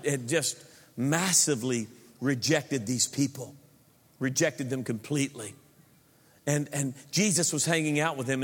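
High-voiced preacher in a reverberant hall. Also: male voice. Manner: emphatic, animated preaching with joking asides and repeated words. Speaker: pastor. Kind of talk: sermon.

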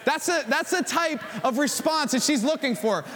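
Male pastor, high and very expressive delivery, sermon in a reverberant church. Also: normal speed, a little hiss or hum. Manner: animated preaching, acts out stories.

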